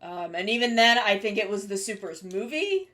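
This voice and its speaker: A young woman talks to her stream chat as she draws, rambling from one thought to the next with casual swearing. Her voice sits in an ordinary middle pitch, close to a desk mic. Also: expressive, normal speed, sharp tone. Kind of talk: casual live-stream chat while drawing.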